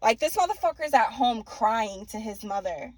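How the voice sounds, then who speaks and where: A woman's voice: fairly high pitch, animated, normal speed, dry recording. Profane, blunt young woman reading tarot. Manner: blunt and profane, laughing, mimics voices. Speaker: tarot reader.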